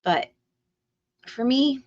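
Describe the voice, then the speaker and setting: Slow ranting woman, lo-fi stream audio. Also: sits high, expressive, a little mellow. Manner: heated, ranting, swears freely. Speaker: livestream host. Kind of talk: ranting livestream talk.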